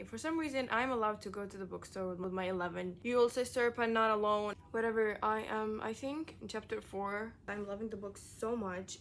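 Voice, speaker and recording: A woman whose first language is Arabic talks casually to her viewers about her reading. Her voice sits at a middle pitch. She is chatty and excitable, and her talk is full of fillers. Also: vocal fry, slight background noise. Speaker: book vlogger. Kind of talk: casual reading vlog chat.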